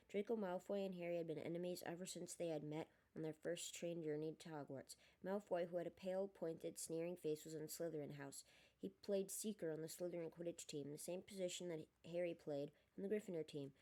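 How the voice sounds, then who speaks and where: Woman narrator, low voice, mellow tone, steady storybook reading. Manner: steady with small slips and restarts. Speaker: audiobook reader.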